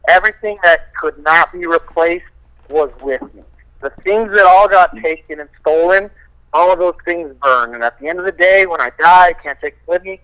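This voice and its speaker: A man, a fighter guest, casually telling profane, animated stories full of quoted dialogue. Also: fairly high pitch, normal speed, low-quality recording. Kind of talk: casual storytelling.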